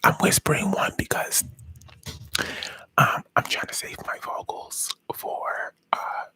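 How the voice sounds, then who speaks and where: A man's voice: slow, pushed and bright, poor audio. Giggly whispering man on a live stream. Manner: whispering and giggling, self-mocking. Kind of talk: casual live stream chat to viewers.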